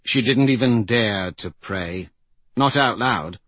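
Slow, husky male storyteller. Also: on the low side, a bit bright, no room sound. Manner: measured, grave storytelling. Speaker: audiobook narrator. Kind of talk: scripted fantasy story narration.

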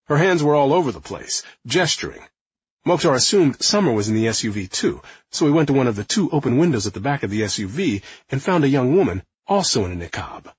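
Husky man narrating an audiobook. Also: mid-range voice, brisk, no echo, highs cut off. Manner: lively, acting out quotes.

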